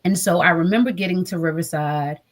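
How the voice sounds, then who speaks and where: A woman's voice: fairly low pitch, a little fast. A woman guest, a trauma advocate, telling an emotional personal story in an earnest way. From United States. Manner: earnest, acts out quoted voices.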